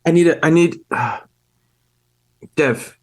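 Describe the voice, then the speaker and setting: A man's voice: on the high side, slow pace, pitched above the performer's own voice. A man voicing a middle-aged ship captain in a tabletop role-playing game, who urgently orders his pilot to hurry and pleads with him. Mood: pleading. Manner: urgent, commanding.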